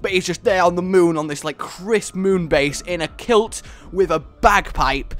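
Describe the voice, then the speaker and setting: A man hosting a gaming channel, giving excitable, rambling gameplay commentary full of giggles. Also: high-pitched, a little slow, hardly any pauses, soft background music.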